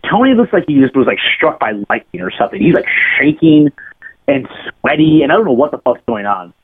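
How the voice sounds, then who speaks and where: A bass player guesting on a podcast spins a rambling, profane anecdote in casual chat, laughing as he goes. His husky voice is fairly high and quick, with big pitch swings, and the recording has a lo-fi, phone-like sound.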